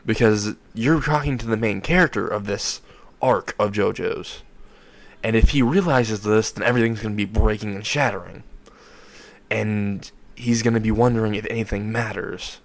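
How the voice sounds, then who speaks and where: A man's voice: fairly low pitch, moderate pace, close to an everyday voice. A man voicing a smug, mocking magical game system that explains rules with gleeful matter-of-factness. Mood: explaining. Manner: taunting, gleeful, matter-of-fact.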